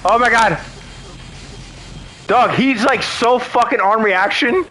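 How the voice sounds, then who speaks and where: Brief: young male streamer, high-pitched and excitable, swears and yells through live play. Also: slow, faint music behind. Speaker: gaming streamer. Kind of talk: live gameplay commentary.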